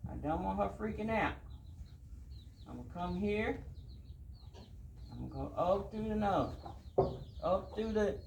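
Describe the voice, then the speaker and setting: Guy calmly talking a horse down, soft shushing voice, kinda echoey outside audio. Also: high-pitched, unhurried, creaky, long pauses, a little hiss or hum. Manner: soft, hushing calming voice. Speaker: horse trainer. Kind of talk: casual training commentary. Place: outdoors at a horse pen with farm birds.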